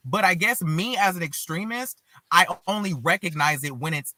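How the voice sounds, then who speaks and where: A man's voice: high voice, moderate pace, sharp tone. A man co-hosting a podcast in casual group chat, talking earnestly and rambling with many filler "likes". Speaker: podcast co-host.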